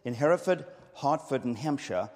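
A man's voice: medium pitch, animated, moderate pace, darkish tone. A man hosting a live on-stage interview, wry and joking at his own expense. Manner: wry, joking, self-deprecating. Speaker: host. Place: large hall with a live audience. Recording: reverberant hall, audience faintly heard.

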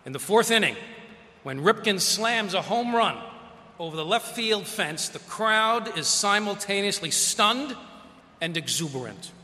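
A man giving a public lecture as guest speaker, telling stories with quick asides. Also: sits high, expressive, pushed and bright, big-room sound.

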